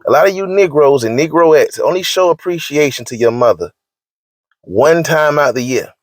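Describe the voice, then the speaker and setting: A man's voice: fairly high pitch, expressive, moderate pace, dry recording. Emphatic, scolding man in a dry room. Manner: emphatic and repetitive, scolding, slangy. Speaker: online commentator. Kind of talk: preachy rant to camera.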